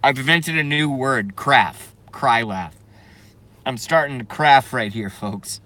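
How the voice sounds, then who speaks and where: A man's voice: medium pitch, animated, takes it slowly, bright, forceful tone. A man doing a comedic, profane live stream rant, keeps breaking into laughing fits. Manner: profane, sarcastic.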